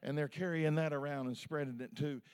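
A man preaching a sermon as pastor, swinging between loud, shouted peaks and quiet, low asides. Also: fairly even intonation, a little fast, smooth.

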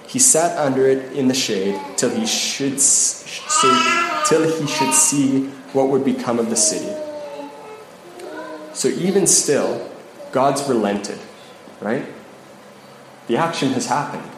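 A man delivers a podcast sermon in a relaxed, conversational way, often pausing to ask "right?". His voice sits at an ordinary middle pitch. The recording is roomy and echoey, with steady ambient noise behind him. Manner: conversational, keeps asking "right?". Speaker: preacher.

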